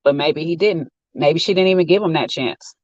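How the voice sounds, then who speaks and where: A man's voice: fairly high pitch, normal speed, no echo, highs cut off. Man ranting casually from his car. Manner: rambling, opinionated, conversational. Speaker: vlogger. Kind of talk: casual rant while driving. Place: inside a car.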